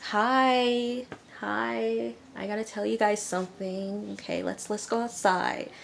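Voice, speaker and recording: A woman's voice: medium pitch, steady tone, slow, gravelly, a little hiss or hum, voice pushed up. A woman voicing a nervous young woman hesitantly breaking news to her parents.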